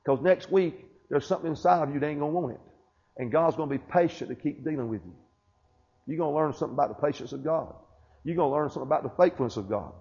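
A man's voice: a little high, fast talker, gravelly, darkish tone, husky. A man preaching a sermon, calling out to the congregation with repeated questions and amens. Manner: call-and-response preaching with repeated "Amen?". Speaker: pastor. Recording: dull lo-fi church recording.

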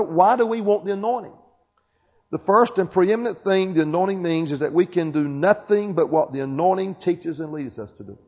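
A man's voice: a little high, darkish tone, slightly rough. A man preaching a sermon, calling out to the congregation with repeated questions and amens. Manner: call-and-response preaching with repeated "Amen?". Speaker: pastor. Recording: dull lo-fi church recording.

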